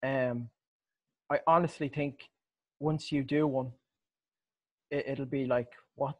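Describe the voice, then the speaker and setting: A man's voice: mid-range voice, steady tone, slow pace, muffled recording. Stammering, chuckling man. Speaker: host. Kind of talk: casual podcast chat.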